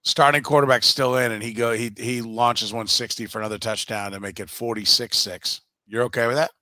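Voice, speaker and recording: A man's voice: medium pitch, steady tone, a little fast, bright, forceful tone, no room sound. A man co-hosting a casual sports podcast, blunt and profane, mocking others in put-on voices. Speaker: podcast co-host.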